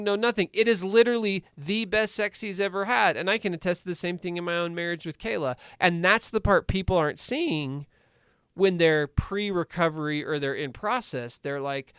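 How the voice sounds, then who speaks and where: Man, forties, recovery coach, animated storyteller, smooth clear voice, dry close mic. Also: high-pitched, no echo. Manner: animated storytelling with many asides, "like" and "right?". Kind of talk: casual podcast interview.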